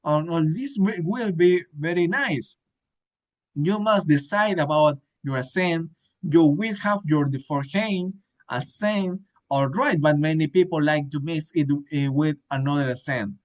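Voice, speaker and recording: Halting man reading a book aloud. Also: a little high, low-quality recording. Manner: halting, frequent hesitations and restarts. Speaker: reader.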